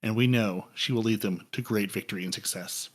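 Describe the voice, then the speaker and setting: A man's voice: fairly low pitch, a little fast. Rambling, jokey male podcast host. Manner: rambling, playful, jokey asides. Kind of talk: casual chat, thanking patrons.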